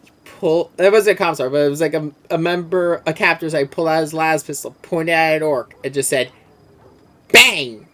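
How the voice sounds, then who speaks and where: Excitable rambling game streamer. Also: medium pitch, fast talker. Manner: enthusiastic, rambling, swears freely, many fillers. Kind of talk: casual lore explanation on a game stream.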